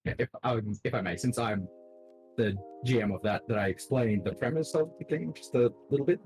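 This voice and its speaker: A man's voice: mid-range voice, brisk, faint music behind, rough recording. A man acting as game master, casually explaining the setting of his game. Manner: lively, explanatory.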